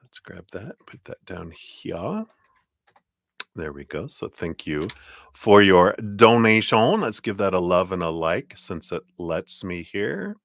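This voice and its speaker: A man's voice: low-pitched, very animated, takes it slowly, vocal fry, no room sound. A man hosting a casual live tarot reading, chatty and reassuring, who laughs often.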